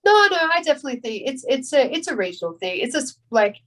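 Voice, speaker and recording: A woman's voice: high voice, very animated, fast, fairly bright tone, low-quality recording. An Australian woman in her thirties chatting casually in an interview, swearing freely and laughing easily. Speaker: guest fighter.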